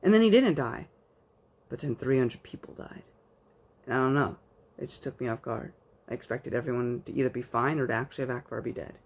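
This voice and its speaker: A man's voice: mid-range voice, a little fast, gravelly. A man giving a casual spoken book review, rambling like an enthusiastic fan with plenty of fillers.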